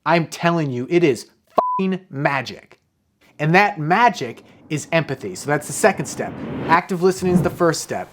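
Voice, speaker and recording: A man with a fairly high, expressive voice hosts a casual explainer monologue at a moderate pace, and the recording is very noisy. He's a comedian who rambles conversationally, drifting into side stories and swearing offhandedly.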